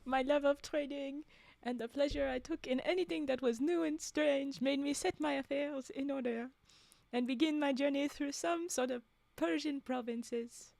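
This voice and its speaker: A woman's voice: high voice, moderate pace, vocal fry, a little mellow, no echo. A woman voicing an adventurous male merchant sailor recounting his voyages, reading in a put-on French accent and fighting back giggles. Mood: storytelling. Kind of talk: storytime reading.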